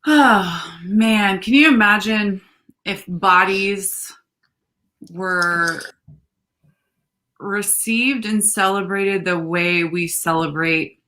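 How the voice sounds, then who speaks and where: A woman's voice: mid-range voice, very slow, pushed and bright. A woman guest talking over a video call, earnest and reflective, with frequent fillers. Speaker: guest, facilitator. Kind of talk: casual interview chat.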